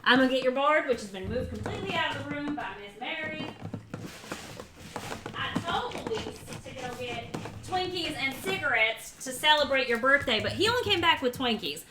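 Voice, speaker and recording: A woman's voice: high-pitched, animated, moderate pace, background noise. A woman hosting a casual cooking livestream, chatting and teasing her viewers as she reads their messages. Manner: chatty, talks to chat, teasing. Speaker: livestream host. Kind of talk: casual cooking stream chat.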